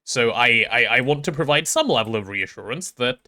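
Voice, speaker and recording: A man's voice: mid-range voice, animated, a little fast, bright, forceful tone. A man live-streaming a game, chatting casually and rambling as he reads chat and talks through his build.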